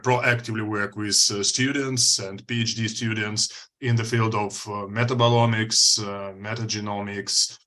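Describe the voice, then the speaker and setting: A man's voice: mid-range voice, fairly bright tone. A man moderating an online roundtable, introducing speakers hesitantly with many fillers.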